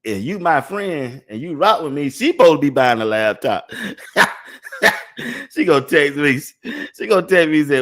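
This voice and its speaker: Slow-talking older man hosting a sports stream. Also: medium pitch, lively intonation, fairly bright tone. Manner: laughs often, repeats phrases over and over. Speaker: sports talk show host. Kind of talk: casual livestream chat.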